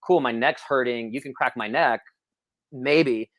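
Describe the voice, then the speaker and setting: Hosting an interview podcast, a man with a mid-range voice shares personal anecdotes a little slowly, drifting casually and using plenty of fillers. His tone is self-deprecating, and the audio has no echo.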